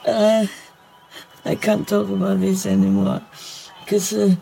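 Slow, gravelly, choked-up woman. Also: mid-range voice, very animated, warm tone, a little hiss or hum, poor audio. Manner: halting, tearful, with many pauses and fillers. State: choked up, throat tight. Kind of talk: emotional spiritual talk.

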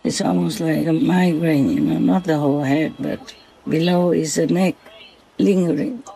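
A spiritual vlogger speaking gently at night to an unseen animal, softly giving blessings and often asking "okay?", then calmly recounting their day. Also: medium pitch, creaky, low-quality recording. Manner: soft, slow, affectionate blessings with repeated "okay?".

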